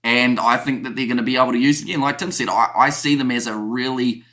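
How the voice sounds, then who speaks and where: Casual male podcast co-host, mid-pitched, chatty, says "you know" often, heard over a video call. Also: fairly even intonation, fast, fairly bright tone. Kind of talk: casual sports chat.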